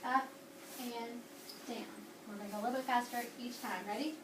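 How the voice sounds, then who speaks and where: Captured distantly by a far camera in an echoey classroom, a woman teacher of elementary students coaxes the children along upbeat, repeating key words. Her slightly high voice keeps a steady tone and a fairly quick pace, with background noise around her.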